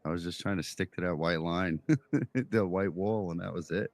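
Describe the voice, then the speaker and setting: A man talks through his winning race, relaxed and stoked. His voice is low and deep, recorded close and dry with no room sound. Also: moderate pace, no room sound. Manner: enthusiastic, relaxed. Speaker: sim racing driver, race winner. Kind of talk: post-race interview.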